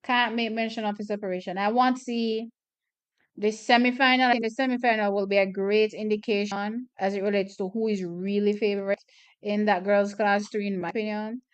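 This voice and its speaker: A woman's voice: medium pitch, little pitch movement, normal speed, clear, resonant tone. A woman hosting a track watch party, chatting and commenting on races with strong, repeated opinions. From Jamaica. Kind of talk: casual live track commentary.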